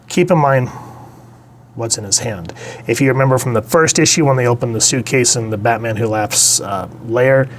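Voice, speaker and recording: Enthusiastic rambling comic reviewer. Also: male voice, mid-range voice, a little hiss or hum. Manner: enthusiastic, rambling commentary with fillers. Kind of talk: casual review vlog.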